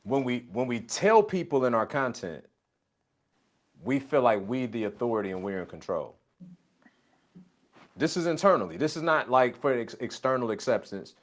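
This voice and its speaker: A man's voice: medium pitch, big pitch swings, normal speed, pauses often. A man coaching a colleague in a casual conversation, emphatic and repeating his catchphrases. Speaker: business coach.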